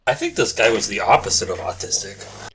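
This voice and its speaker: A man's voice: on the low side, sing-song, brisk, fairly bright tone, a little hiss or hum. A man co-hosting a podcast in casual chat, crude and joking, swearing freely. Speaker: podcast co-host and storyteller.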